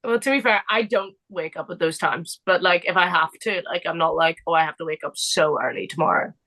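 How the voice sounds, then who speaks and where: A young woman from England co-hosting a casual podcast, animated and playful, laughing often. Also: on the low side, fairly quick, low-quality recording. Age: young adult. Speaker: podcast co-host. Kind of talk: casual chat.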